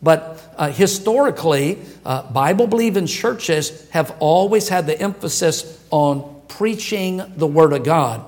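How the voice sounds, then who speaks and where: A man's voice: on the high side, expressive, unhurried, hardly any pauses, a little mellow. A male pastor preaching a sermon to his congregation, conversational and jokey, chuckling at his own asides. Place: church sanctuary.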